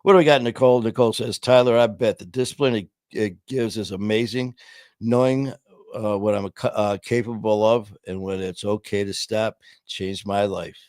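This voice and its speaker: A man's voice: fairly low pitch, fairly even intonation, moderate pace, a little mellow, no echo, clean studio sound. A middle-aged man hosting a live stream, telling stories in rambling, casual talk full of fillers. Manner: rambling storyteller, frequent "uh" and "you know". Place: home studio. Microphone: studio mic.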